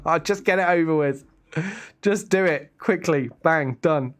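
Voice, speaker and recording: A man's voice: a little high, a little slow. A young man chatting casually on a live stream, rambling and answering his chat. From England.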